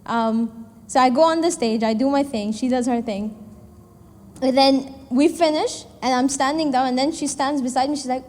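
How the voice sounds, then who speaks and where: Twenty-something woman, startup founder, chatty speech full of um and like, kinda high voice, long hall echo. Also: moderate pace, darkish tone. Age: 20s. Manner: candid, chatty, many fillers, acts out quoted dialogue. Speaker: startup founder and event speaker. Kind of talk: personal story speech to an audience. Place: event hall.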